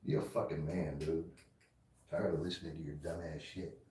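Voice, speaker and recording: A man with a very low voice rants in a furious, profane tirade. He is insulting and aggressive and hammers the same points again and again. His voice rings in an echoey room. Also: flat delivery, moderate pace, dark tone. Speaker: streamer ranting at a commenter. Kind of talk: angry profane rant.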